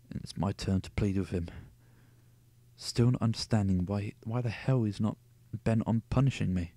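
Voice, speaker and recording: A man's voice: on the low side, a little slow, warm tone, dry recording. Sarcastic man reading a novel aloud. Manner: sarcastic, cuts in with profane asides. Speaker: reader of a novel.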